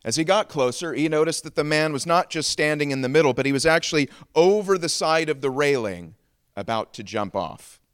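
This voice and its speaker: A man's voice: fairly high pitch, lively intonation, a little fast, a bit bright, clear, resonant tone. A man preaching a sermon as pastor, moving from prayer into a joke and teaching. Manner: prays then tells a joke with acted voices.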